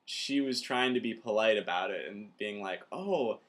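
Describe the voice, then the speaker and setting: Rambling young man, lowish voice. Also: normal speed, a bit bright. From Minneapolis area, USA. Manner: rambling, heavy use of filler words like "like". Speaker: film reviewer. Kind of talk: casual vlog chat.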